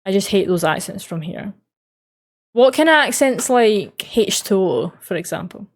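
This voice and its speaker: A woman's voice: medium pitch, lively intonation, normal speed. Chatty Australian woman streamer. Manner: chatty and easygoing, answers chat messages, laughs often. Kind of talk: casual chat reading out live chat.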